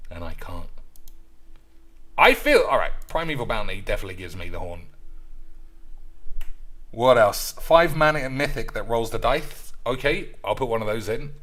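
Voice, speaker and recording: A man's voice: fairly low pitch, a bit bright. A man streaming as he builds a card game deck, rambling, joking, swearing and chatting to his audience in a casual way.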